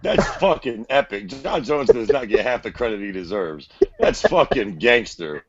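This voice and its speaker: A man's voice: on the low side, animated, moderate pace, highs cut off, faint music behind. A man co-hosting a casual podcast about fighting, crude and joking, with a lot of cursing. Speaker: podcast co-host. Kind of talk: casual MMA chat.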